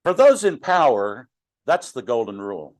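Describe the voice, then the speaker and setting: A man's voice: medium pitch, sing-song, moderate pace, dry recording. A middle-aged man teaching a Bible class in a conversational way, asking the class questions and joking with them. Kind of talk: interactive Bible study teaching.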